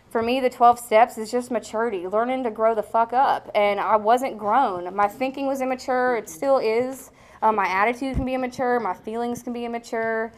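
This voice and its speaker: Blunt young woman telling a recovery story. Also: fairly high pitch. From American South. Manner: blunt and frank, with casual swearing and many fillers. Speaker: speaker sharing recovery story. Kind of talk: candid personal testimony.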